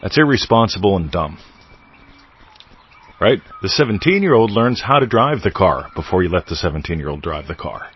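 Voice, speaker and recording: Low husky man hosting a podcast. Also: sing-song, normal speed, muffled recording. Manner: playful, riffing, wordplay and asides. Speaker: podcast host. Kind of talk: casual spiritual teaching monologue.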